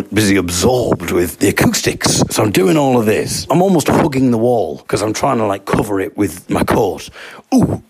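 Man, low husky voice, dry close sound, rambling comic storytelling. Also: dry recording. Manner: rambling, self-deprecating storytelling with vocal sound effects. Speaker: podcast host. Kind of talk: comic anecdote.

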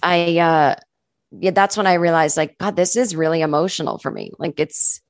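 A woman's voice: fairly low pitch, fairly even intonation, normal speed, no echo, studio quality. A woman comedian, a podcast guest, telling stories in casual chat, full of "like" and acting out what people said. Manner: chatty, fills speech with "like", acts out quoted people. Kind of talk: casual podcast interview storytelling.

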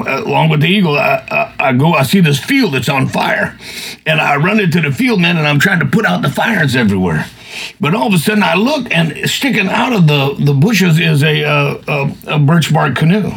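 A man's voice: fairly high pitch, vocal fry, fairly bright tone, breathy edge, low-quality recording. A man telling a long personal story in a folksy, rambling way, often throwing in "man" and "you know". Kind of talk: casual storytelling.

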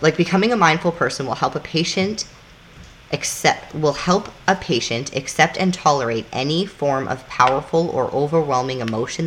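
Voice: mid-range voice, fairly bright tone, a little hiss or hum. A podcast co-host, explaining things in loose, casual chat that swears freely and acts out little scenes.

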